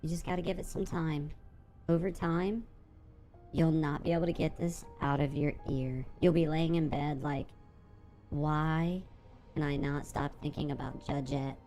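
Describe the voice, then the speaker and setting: A man's voice: fairly high pitch, fairly even intonation, a little mellow, soft background music. A man using a voice changer to play a teasing, mock-seductive female streamer persona, drawing out each word. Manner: slow, drawn-out, mock-seductive delivery.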